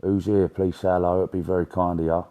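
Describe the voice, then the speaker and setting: A man's voice: low-pitched, level tone, fast talker, mellow. A man hosting a live stream as a psychic medium, chatting casually and greeting viewers one by one by name in a chummy way. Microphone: wearing headphones.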